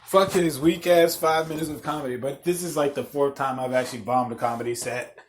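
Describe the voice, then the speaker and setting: A man hosting a podcast, telling a story as a profane rant, swearing constantly, repeating himself and getting loud and worked up. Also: medium pitch, steady tone, a little fast. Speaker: podcast host.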